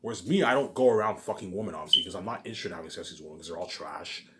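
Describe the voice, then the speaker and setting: The recording is very noisy, carrying a low-pitched man who talks rapid-fire in a boastful, rambling monologue. Repetitive and ranting, he keeps adding "obviously" and "you know what I'm saying" to each sentence.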